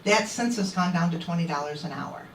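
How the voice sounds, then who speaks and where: A woman's voice: fairly low pitch, fairly quick. A woman activist telling a crowd an indignant story and acting out what others said. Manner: indignant, quoting others in animated voices. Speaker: activist speaker. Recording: echoey, distant mic.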